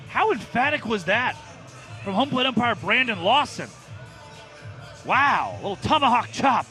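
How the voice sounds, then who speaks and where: A man calling a live baseball game from the broadcast booth, excitable and jokey, often shouting the big plays. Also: very high-pitched, moderate pace, pauses often, faint music behind, a faint crowd. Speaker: play-by-play announcer.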